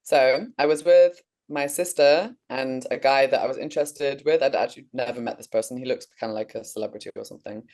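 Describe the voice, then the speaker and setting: A woman from England, co-host of a podcast, casually telling a long dream in an animated way, with swearing and laughter. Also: extremely low pitch, brisk, few pauses.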